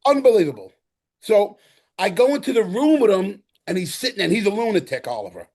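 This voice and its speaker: Brief: middle-aged Bronx-born man with a New York accent, guest on a podcast interview, animated storyteller who acts out every quote, voice pitched a little high. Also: brisk. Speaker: guest actor.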